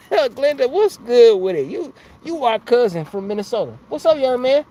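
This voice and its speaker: A man's voice: extremely high pitch, very animated, moderate pace, warm tone. A man hosting a casual live stream from outside his home, talking into a phone in a rambling, slangy way and laughing often. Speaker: livestream host.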